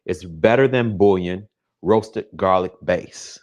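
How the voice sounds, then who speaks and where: A home cook streams live from his kitchen, chatting casually with viewers and joking with them by name while a pan sizzles behind him. His voice is low-pitched and a little mellow, he speaks at a slow pace, and the recording is rough.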